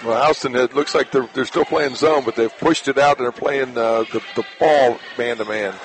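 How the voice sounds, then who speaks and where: A man giving color commentary on a basketball game, talking in a relaxed, halting way with restarts. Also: medium pitch, a little hiss or hum. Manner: relaxed, hesitant analysis with restarts.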